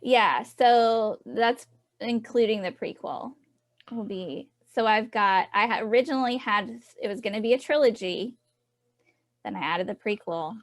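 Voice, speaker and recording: A Southern-accented woman chats as an author guest, rambling and quick to laugh at herself. Her voice sits at an everyday middle pitch for a woman. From Tennessee, US. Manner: laughing, rambling, self-deprecating. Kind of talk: casual interview chat.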